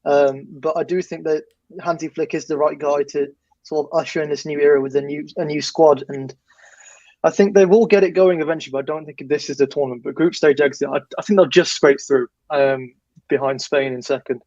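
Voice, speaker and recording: Male host, measured, soft-edged lo-fi dry recording. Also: fairly high pitch, fairly even intonation, no echo. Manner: measured, hesitant, with fillers. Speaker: show host. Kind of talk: casual chat. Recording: dull, dry lo-fi sound.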